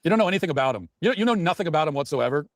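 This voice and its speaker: A man's voice: fairly high pitch, lively intonation, very fast, no echo, clean studio sound. A man giving heated, mocking political commentary. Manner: indignant, mocking, ranting.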